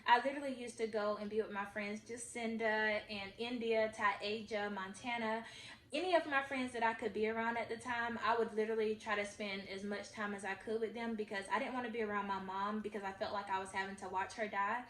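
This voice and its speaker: A woman's voice: medium pitch, fairly even intonation, fairly quick, a bit bright. A woman in her twenties, a vlogger telling a personal story in an earnest, confiding way and talking straight to her viewers. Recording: echoey room.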